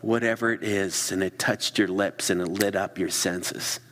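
A middle-aged man preaching a sermon, telling stories with animated delivery and dropping into quiet whispered asides. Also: low-pitched, moderate pace. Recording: long reverb of a large hall.

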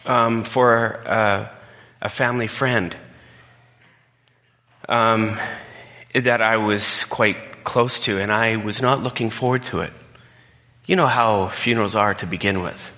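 Male pastor, low bright voice, candid emotional storytelling, long hall reverb. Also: steady tone, slow, long pauses. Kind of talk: conversational sermon.

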